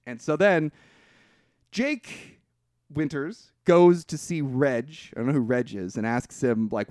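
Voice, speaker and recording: A man talks through a film's plot for his podcast, his pitch swinging up and down as he gets into the story. He swears casually and trips over his own restarts. The sound is dry and close, with no room around it. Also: normal speed, no room sound. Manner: animated retelling, swears freely, frequent restarts. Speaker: podcast co-host. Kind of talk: casual movie recap chat.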